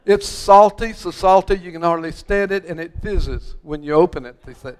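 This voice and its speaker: An older man preaching from the pulpit, his voice sitting a little high for a man. He rambles through homespun stories, stumbling and restarting, repeating words as he goes. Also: moderate pace, darkish tone, smooth. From West Texas. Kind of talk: sermon.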